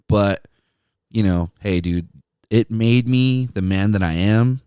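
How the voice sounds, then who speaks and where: A man's voice: low-pitched, slow, a little mellow, clean tone, no echo, clean studio sound. A man who hosts a podcast and used to be a radio DJ, telling stories in a laid-back way, laughing often and saying "dude" and "man". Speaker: podcast host, former radio DJ. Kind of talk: casual storytelling monologue.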